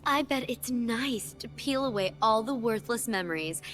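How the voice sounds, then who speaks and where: A woman's voice: a little high, animated, moderate pace, fairly bright tone. A woman voicing a sly young woman villain in a video game, speaking in a mocking, teasing drawl. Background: faint game music.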